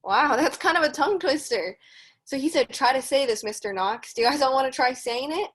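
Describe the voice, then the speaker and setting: Her voice is high, animated and fairly bright with a breathy edge as she reads a picture book aloud to young children on a video call. She goes slowly and carefully, pausing for encouraging asides to the kids.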